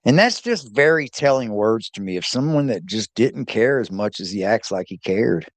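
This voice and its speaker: A man's voice: on the low side, expressive, moderate pace, no room sound. A man hosting a livestream, casually commenting and greeting his chat. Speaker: livestream host.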